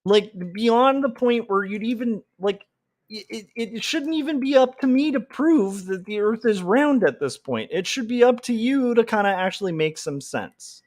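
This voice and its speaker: A man's voice: sits high, expressive, normal speed. A man ranting on a casual livestream, heated and rambling, with many filler words. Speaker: comic artist livestreamer.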